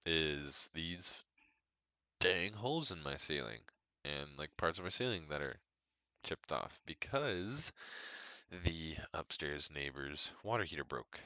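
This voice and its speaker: Young man, very deep voice, bright forceful tone, casual rambling podcast host, dry close sound. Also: lively intonation, takes it slowly, no room sound. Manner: rambling, candid, self-deprecating with frequent fillers. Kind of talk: casual solo podcast chat. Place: his apartment.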